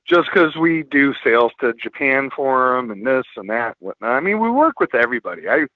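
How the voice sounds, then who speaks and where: A man chatting casually on a podcast as a film distributor guest, rambling and swearing a lot as he tells animated stories. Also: medium pitch, a little fast, dry recording. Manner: profane, rambling, animated storytelling. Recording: muffled lo-fi podcast audio.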